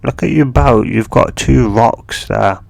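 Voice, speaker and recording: A man's voice: mid-range voice, takes it slowly, vocal fry, darkish tone, no room sound, heavily acted. A man voicing a cocky young male ninja who teases his teacher in a smug, taunting way. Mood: smug teasing.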